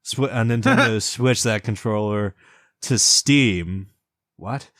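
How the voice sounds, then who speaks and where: A man co-hosting a casual podcast, talking in a halting, self-interrupting way and complaining as he stumbles through a transcript. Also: on the low side, fairly bright tone, no echo, studio quality. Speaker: podcast co-host. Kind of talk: casual podcast banter, reading a transcript aloud.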